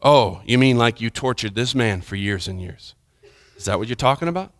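A man preaches a sermon, retelling a scripture story with dramatic shifts between urgent, loud passages and hushed, quiet ones. His pitch is medium and his pace moderate, captured in clean studio sound with no echo.

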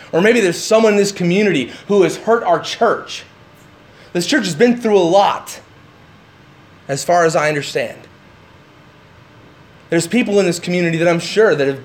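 A man preaching a sermon in a church, talking to the congregation and often asking "right?". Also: on the high side. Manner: animated, talks to the congregation with frequent "right?". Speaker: pastor. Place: church sanctuary.

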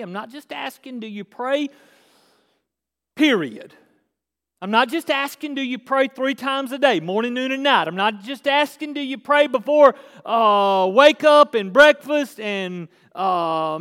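High-pitched slow preacher in a reverberant hall. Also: male voice, clean tone. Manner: animated, acts out dialogue, rhetorical questions. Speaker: pastor. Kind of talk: sermon. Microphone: filmed on camera.

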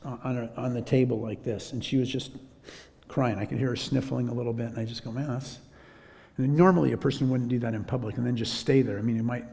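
A man preaching a sermon as a story, in a relaxed conversational way. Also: mid-range voice, fast, creaky, long reverb tail. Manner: conversational, drops to a whisper when quoting himself.

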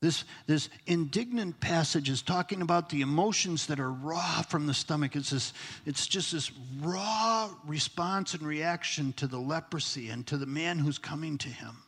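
A man preaches a sermon from the pulpit, his voice a touch high and husky. He presses his points hard, then sinks to a near-whisper for effect. A long hall reverb rings behind every phrase. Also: normal speed, fairly bright tone. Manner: emphatic, drops to near-whisper for stress. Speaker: pastor. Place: church sanctuary.

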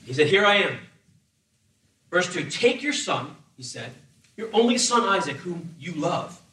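A high, bright-voiced man preaching a sermon, lively and humorous, slipping into acted voices as he tells the story. He sounds a little off the mic, and the room around him echoes. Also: moderate pace, far from the mic. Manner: animated, acts out voices with humor. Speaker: pastor.

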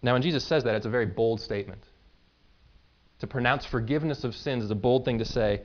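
A man preaching a sermon in a conversational way, explaining with everyday examples and quick asides. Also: medium pitch, lo-fi sound. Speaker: pastor.

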